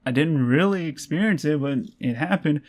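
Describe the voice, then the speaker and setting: A man's voice: on the high side, animated, moderate pace. Rambling young man, casual recap. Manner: rambling, swears freely, laughs often, acts out quotes. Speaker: vlogger.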